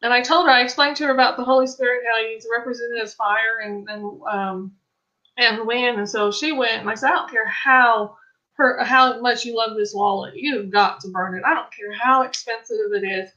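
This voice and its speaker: A woman's voice: fairly high pitch, steady tone, normal speed, pushed and bright, muffled recording. A middle-aged woman giving an earnest faith testimony, telling a friend's story with many restarts and quoted lines. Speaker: Christian ministry speaker. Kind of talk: testimony-style faith talk.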